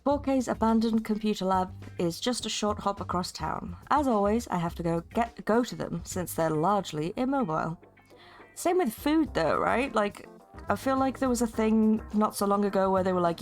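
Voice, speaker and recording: A woman's voice: medium pitch, expressive, normal speed, soft background music. A woman streaming a text game, chatting in rambling asides and reading aloud.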